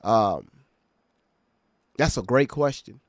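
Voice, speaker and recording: A man's voice: medium pitch, lively intonation, slow, no room sound. Guy doing reaction commentary, medium voice, dry sound, very emphatic w viewers. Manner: emphatic, keeps checking in with listeners. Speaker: reaction video host.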